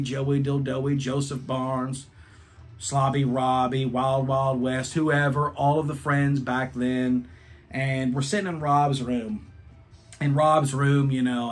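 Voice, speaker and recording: A man in his thirties reviewing albums, telling a rambling, profane story in a casual vlog. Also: medium pitch.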